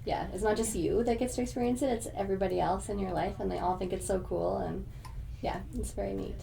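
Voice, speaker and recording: Woman host, soft and agreeable, slight fry, faint noise behind. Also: mid-range voice, steady tone, fast, distant mic. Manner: soft agreeing, laughing along. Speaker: podcast host. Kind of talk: casual interview chat.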